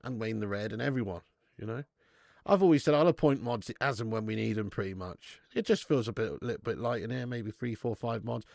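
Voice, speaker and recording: A man's voice: fairly low pitch, fairly quick, gravelly, darkish tone, no echo, clean studio sound. A man hosting a live football watch-along from his garage, chatting casually and swearing while reading out viewer messages. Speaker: fan channel host. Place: home garage streaming setup. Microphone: streaming setup.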